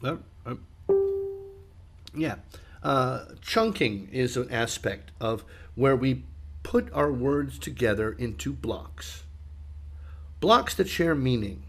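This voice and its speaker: A man's voice: medium pitch, big pitch swings, slow pace, faint music behind. Male English teacher giving conversational feedback. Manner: conversational, with many ums and uhs, stressing words to demonstrate. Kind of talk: online speaking feedback lesson.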